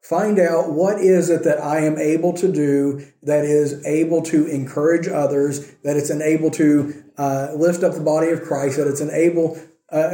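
Male pastor, fairly high mellow voice, easygoing sermon delivery, roomy echo. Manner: conversational preaching, checks in with "right?" and "okay?".

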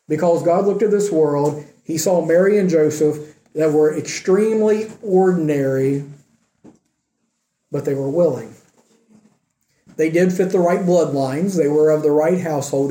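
A man delivers a sermon in an earnest, probing way, often stopping to question his listeners. His voice sits a little high but sounds very dark and mellow. The sound carries the echo of a room. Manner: earnest, questions the congregation, slows for emphasis. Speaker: preacher.

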